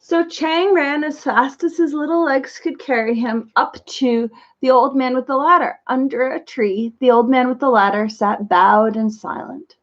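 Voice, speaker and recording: High-voiced woman reading a children's story. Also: measured pace, hardly any pauses. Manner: expressive, storytelling. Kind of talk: children's story read-aloud. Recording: muffled lo-fi recording.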